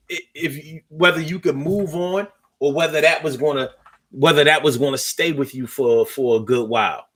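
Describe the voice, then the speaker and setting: A man hosting a casual, profane storytelling monologue in loose conversational talk, with pauses as he searches for words. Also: on the high side, fairly bright tone.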